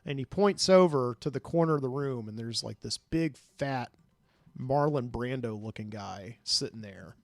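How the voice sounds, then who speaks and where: A man's voice: mid-range voice, normal speed, creaky, no room sound. A man hosting a podcast, telling a dream story in a rambling way with many fillers, recorded in a studio. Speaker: podcast host.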